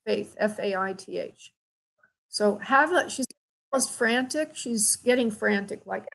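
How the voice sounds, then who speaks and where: A woman medium hosts a psychic call-in show on the radio. Her mid-pitched voice has a gravelly, creaky edge. She talks gently and affectionately and calls her callers honey and sweetheart. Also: expressive, measured pace, poor audio. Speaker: spirit medium and radio host.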